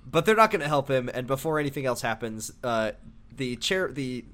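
A man's voice: medium pitch, animated, a bit bright. Casual man recapping a game with friends. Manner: playful, acts out characters in quick asides. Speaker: co-host recapping a video game. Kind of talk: casual chat.

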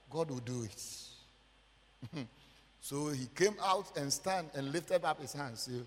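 A male pastor with a Ghanaian English accent, preaching emphatically and swinging from loud outbursts to quiet murmurs. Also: sits high, big pitch swings, moderate pace, creaky, breathy edge. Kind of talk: sermon. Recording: long church hall reverb.

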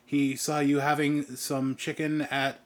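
A man's voice: a little high, monotone, a little slow, natural voice. A man voicing a courteous male assistant speaking formally.

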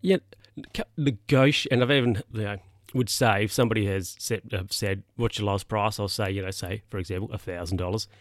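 A man's voice: on the low side, fairly even intonation, brisk, no echo, clean studio sound. A man hosting a podcast, rambling casually and often correcting himself mid-sentence. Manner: rambling, self-correcting, chatty. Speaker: podcast host. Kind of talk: casual solo podcast monologue.

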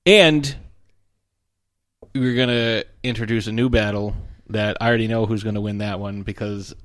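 A man's voice: on the low side, steady tone, normal speed, fairly bright tone, no echo. Joking man in his thirties. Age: 30s. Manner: joking, teasing banter. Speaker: podcast co-host. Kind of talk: casual chat.

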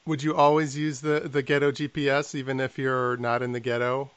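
Smooth-voiced man asking playful questions. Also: mid-range voice, flat delivery, brisk. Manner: curious, asks playful questions. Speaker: host. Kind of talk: casual interview chat.

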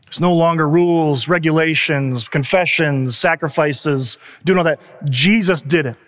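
Man preaching in an echoing hall. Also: fairly high pitch. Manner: animated storytelling with asides and laughs. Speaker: pastor. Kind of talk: sermon.

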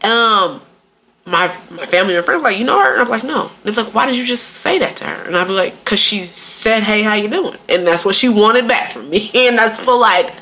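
A woman's voice: mid-range voice, moderate pace. A woman from Michigan co-hosting a podcast in casual chat, laughing often and acting out greetings. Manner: animated, laughing, acts out greetings in quoted voices. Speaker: podcast co-host.

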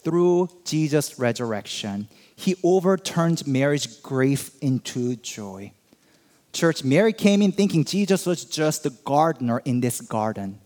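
A man's voice: on the high side, very animated, measured pace, a little mellow. A male pastor preaching an Easter sermon, building emphasis and acting out quoted voices.

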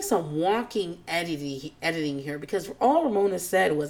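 A woman's voice: lowish voice, moderate pace. A woman hosting a podcast, recapping a reality show in casual chat, swearing freely and switching to squealing mock quotes of the people she describes. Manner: animated, profane, jumps into squealing mock quotes; calls herself nervous and on edge.

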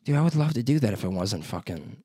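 A man's voice: on the low side, animated, fast, dark tone, breathy edge, no echo, studio quality. Rambling, cursing young man. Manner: profane, rambling storytelling. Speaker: podcast co-host. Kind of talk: casual chat.

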